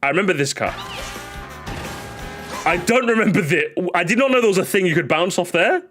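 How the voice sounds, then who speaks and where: A male streamer reacting live to game replays, chatty and excitable, rambling with many restarts. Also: high-pitched, fairly quick, faint music behind.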